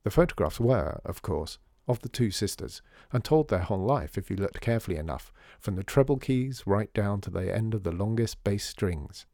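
A man narrating a children's storybook in a calm, measured way, recorded on a close studio mic. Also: on the low side, creaky, no echo.

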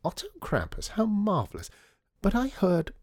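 A man voicing a charming, smooth-talking showman in a storybook reading, theatrical and persuasive. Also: high-pitched, wildly swooping pitch, moderate pace, darkish tone, no room sound, voice pushed up, exaggerated voice.

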